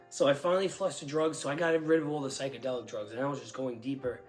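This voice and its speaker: A young man giving a casual spoken testimony, rambling with lots of "like" and restarts, and bursting into excitement as he relives moments. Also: a little high. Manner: rambling storytelling full of "like" and restarts.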